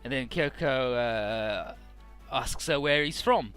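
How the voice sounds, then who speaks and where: A man's voice: mid-range voice, slow pace, fairly bright tone, smooth, soft background music. A man casually recapping a game's story in an offhand, profane, amused way, with frequent "uh"s.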